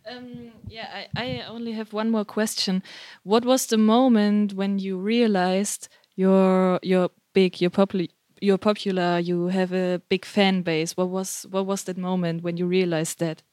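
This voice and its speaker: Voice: medium pitch, flat delivery, unhurried, darkish tone, dry recording, clean studio sound. An interviewer asking questions in a hesitant way, repeating words.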